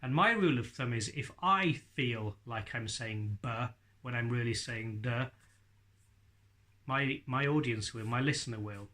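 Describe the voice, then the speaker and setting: A man's voice: mid-range voice, measured pace, bright, forceful tone. A man teaching ventriloquism in a casual video lesson, chatty and laughing often as he demonstrates sounds.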